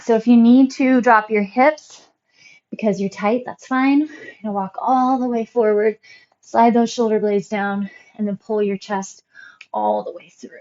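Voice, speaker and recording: A woman fitness instructor calmly cueing moves and counting reps through a workout class. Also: a little high, lo-fi sound. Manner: calm, encouraging cues and counting reps.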